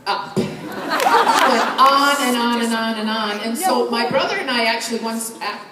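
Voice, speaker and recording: A woman's voice: fairly high pitch, expressive, a little slow. A woman telling teasing family anecdotes on a convention panel, laughing as she talks. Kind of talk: live anecdote on stage. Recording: echoey hall, crowd noise.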